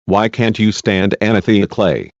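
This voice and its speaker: A man's voice: lowish voice, unhurried, a little mellow, dry recording. A man voicing a persistent female defense lawyer who asks pointed, repeated questions in a deposition. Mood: pressing. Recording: dull lo-fi dry recording.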